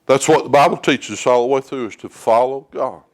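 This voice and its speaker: A man's voice: mid-range voice, fairly quick. A man preaching a sermon in a church, plain-spoken and folksy, telling homespun stories. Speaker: lay preacher. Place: church sanctuary.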